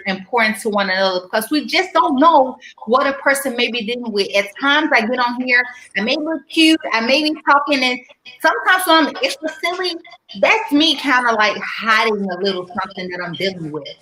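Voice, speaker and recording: Bright, lively woman hosting a live stream. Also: on the high side, a little fast, reverberant, slight background noise, low-quality recording. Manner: animated and silly, gets loud when excited. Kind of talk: casual live stream chat.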